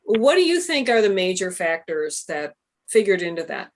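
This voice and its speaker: An easygoing woman moderates an author event over a video call. She asks relaxed questions and keeps up a steady stream of brief backchannels. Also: mid-range voice, normal speed, a little hiss or hum. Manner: easygoing, laughs along, short backchannels. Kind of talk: interview questions.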